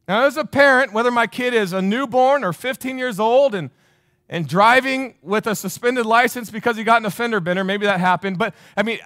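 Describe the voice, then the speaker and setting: High-voiced emphatic male pastor, dry sound. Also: brisk, fairly bright tone, dry recording. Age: 40s. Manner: emphatic, repeats phrases, asks the crowd questions. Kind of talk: sermon.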